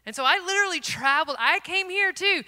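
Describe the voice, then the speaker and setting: A woman's voice: very high-pitched, animated, fast talker. Earnest woman preaching in a big hall. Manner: earnest, self-deprecating, swings from loud to hushed. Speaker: missionary speaker. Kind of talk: personal testimony sermon. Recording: long hall reverb.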